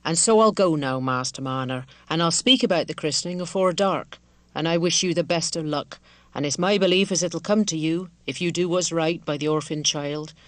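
A kindly, simple village wife from a storybook, earnest and motherly, her homely country dialect rolling out in a lowered, even voice, as a woman reads her. The sound is dry and close. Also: moderate pace, dry recording, lightly acted. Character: kindly rural village wife, middle-aged, simple and devout.

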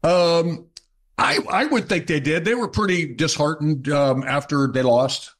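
A man's voice: a little high, a little slow. Older man telling baseball stories. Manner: animated storyteller, acts out shouted quotes. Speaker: guest, former ballplayer. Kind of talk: casual storytelling.

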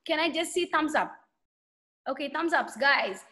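A woman's voice: sits high, unhurried. A woman telling a story to children on a video call, asking them questions and acting out voices as she goes. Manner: animated, asks children questions and acts out voices. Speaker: children's Sunday school teacher.

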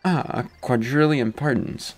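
A man doing a smarmy high-voiced magician. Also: unhurried, soft background music, lightly acted. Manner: florid, over-polite, mock-British. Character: theatrical scheming male jester-magician, smug and flowery.

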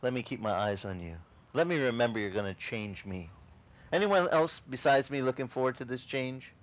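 A man preaching an outdoor sermon, telling jokes and stories and acting out other people's words in high, excited voices. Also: normal speed, poor audio. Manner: animated storytelling, acts out quotes in high excited voices. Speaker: pastor. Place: outdoor beach service.

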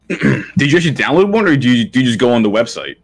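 A man co-hosting a podcast in casual chat, rambling as he pitches ideas, full of likes and restarts. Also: big pitch swings, a little fast. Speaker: podcast co-host.

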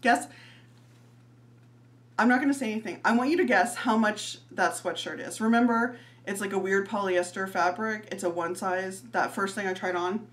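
A woman's voice: medium pitch, moderate pace. A woman, chatting casually and giggling as she talks viewers through clothing prices in a fashion vlog. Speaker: fashion vlogger. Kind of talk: casual try-on haul chat.

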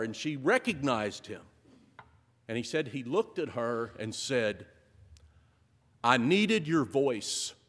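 Man preaching in a reverberant church. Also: on the high side. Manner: builds to emphatic repeated phrases, then drops soft. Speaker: pastor. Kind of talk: sermon. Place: church sanctuary. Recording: long reverb of a large hall.

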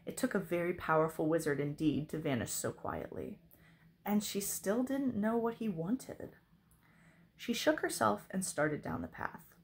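Woman reading a kids book out loud, lowish, lots of up and down. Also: lively intonation, measured pace. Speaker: reader. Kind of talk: reading a children's novel aloud.

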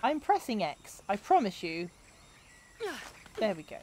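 A woman's voice: medium pitch, very animated, unhurried, pauses often, darkish tone, slight background noise. A woman, chatting and joking to herself while streaming a video game. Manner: chatty, jokey, talking to herself. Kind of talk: casual gameplay commentary.

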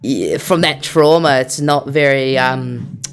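A man's voice: mid-range voice, takes it slowly, clean tone. A man hosting a video chat video, joking and playful. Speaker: host. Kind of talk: casual chat.

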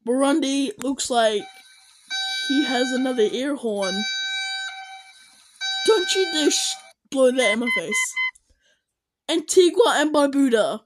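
A young woman giving casual reaction commentary to animated videos, exclaiming and firing questions at the characters on screen. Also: sits high, takes it slowly, long pauses, music in the background, rough recording.

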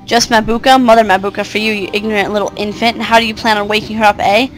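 A woman's voice: medium pitch, flat delivery, fast talker, soft background music, close to an everyday voice, poor audio. A woman voicing a haughty, scornful ancient mother of darkness, reading her game dialogue aloud.

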